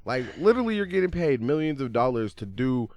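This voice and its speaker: A man co-hosting a sports podcast, chatting casually in an excitable, slangy way with big swings in his voice. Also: medium pitch, a little fast, no echo, clean studio sound. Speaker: podcast co-host.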